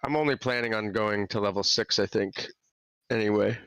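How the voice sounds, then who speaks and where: A man's voice: on the low side, normal speed, fairly bright tone, clear, resonant tone, dry recording, highs cut off. A man chatting casually as a player at a tabletop game, rambling and restarting his thoughts. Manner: rambling, hesitant.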